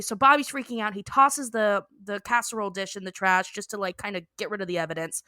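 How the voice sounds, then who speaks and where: Brief: young woman podcast co-host, bright voice, dry close sound, giggly storyteller who acts out the lines. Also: medium pitch, steady tone, fast, hardly any pauses, dry recording. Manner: laughs often, acts out characters' lines while retelling. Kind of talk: casual chat recapping a cartoon episode.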